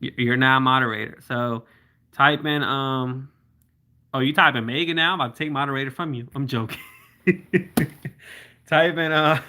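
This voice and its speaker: This livestream host speaks in a bright, forceful, medium-pitched voice with fairly even intonation. He reads out viewers' comments and replies in a chatty, casual way, slowing down to spell out links.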